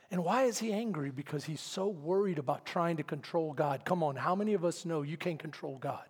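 A male pastor preaching a sermon, dramatic, swinging from hushed asides to shouted lines. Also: fairly high pitch, fairly quick, few pauses, breathy edge, in a large hall.

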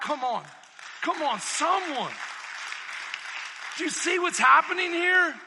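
A male pastor preaching a sermon, moving between shouted, emphatic passages and hushed, intimate reflection. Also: extremely high pitch, very animated, slow, pauses often, long reverb tail, some chatter behind.

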